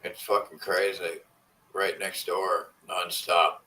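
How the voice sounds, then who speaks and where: A man's voice: sits low, flat delivery, takes it slowly, pushed and bright, poor audio. A man chatting casually with viewers on a live stream, rambling and swearing as he complains in frustration. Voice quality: profane, rambling. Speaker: vlogger.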